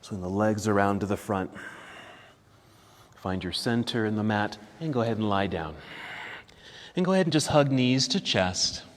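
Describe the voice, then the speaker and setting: A man teaching a yoga class, calmly cueing poses step by step and easing toward relaxation, a little out of breath. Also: on the low side, normal speed, pauses often, long reverb tail. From United States. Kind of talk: guided yoga class instruction. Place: yoga studio.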